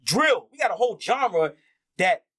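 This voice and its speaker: A man's voice: high voice, sing-song, unhurried, fairly bright tone, breathy edge. A man talking as an interview guest in a heated, candid conversation, impassioned and profane, acting out the voices he quotes.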